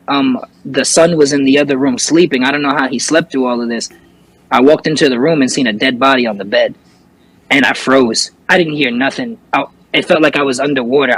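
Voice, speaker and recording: A man's voice: medium pitch, a bit bright, slightly rough, rough recording. A young man, a guest on an interview show, telling a personal story casually with lots of fillers and restarts. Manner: rambling, many fillers and restarts. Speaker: interview guest, recording artist and streamer.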